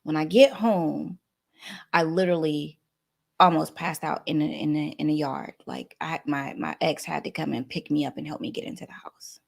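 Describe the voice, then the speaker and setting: A woman guest telling a personal story in a lively way, acting out the dialogue. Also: sits low, normal speed, vocal fry. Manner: animated, acts out dialogue.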